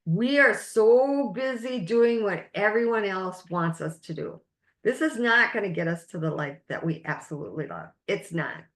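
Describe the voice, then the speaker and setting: A woman life coach leading a webinar masterclass, speaking in slow, emphatic, drawn-out phrases. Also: mid-range voice, expressive, roomy sound.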